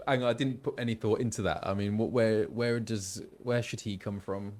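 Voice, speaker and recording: A man's voice: lowish voice, normal speed, hardly any pauses, a little mellow. A man streaming a video game and chatting casually with viewers, thinking aloud and laughing often. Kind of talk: casual live-stream chat.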